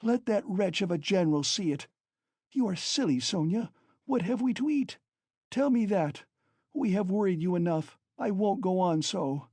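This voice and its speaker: Male reader doing a desperate consumptive mother, high and shrill, breathless rapid rants, dry close read. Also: expressive, a little mellow, husky, dry recording. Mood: frantic, desperate. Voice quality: panting and coughing. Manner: rapid, frantic, shrill outbursts. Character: frantic, proud, consumptive impoverished mother. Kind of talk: audiobook character reading.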